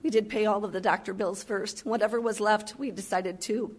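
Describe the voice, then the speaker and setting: A woman from Chicago who owns a restaurant, speaking emotionally and earnestly at a county meeting, halting often with fillers. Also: mid-range voice, steady tone. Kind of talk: public comment at a county meeting.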